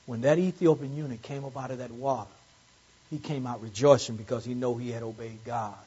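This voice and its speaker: A man's voice: mid-range voice, fairly even intonation, fairly quick, dark tone, slightly rough, muffled recording. A man preaching a Sunday morning sermon, repeating phrases for emphasis and swelling into fervent peaks. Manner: call-and-response preaching, rising to fervent peaks. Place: church service.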